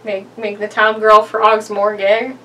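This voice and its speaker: A woman's voice: mid-range voice, level tone, slow, fairly bright tone, far from the mic, poor audio. A young woman reading a horror story aloud with a friend, joking between passages and breaking into giggles. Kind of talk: casual story reading with banter.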